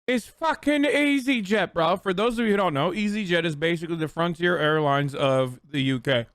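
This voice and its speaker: A man hosting a stream, reacting to a video in casual, excitable, profane commentary. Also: high voice, moderate pace, no echo, studio quality. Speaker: streamer host.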